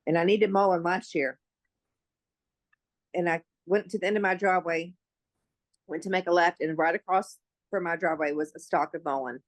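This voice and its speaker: A woman in a casual spiritual chat, relaxed and giving short agreeing replies. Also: on the low side, normal speed, pauses often, dry recording.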